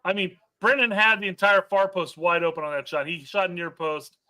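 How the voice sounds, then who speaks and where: A man co-hosts a soccer watch-along, breaking down plays and reading viewer comments in a chatty way. His voice is high and bright. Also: fairly even intonation, moderate pace. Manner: chatty, analyzes plays and reads chat comments aloud. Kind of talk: casual live match watch-along chat.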